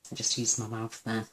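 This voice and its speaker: Woman, casual craft tutorial, chatty, gushing, self-deprecating, faint background noise. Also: very deep voice. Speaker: papercraft tutorial host.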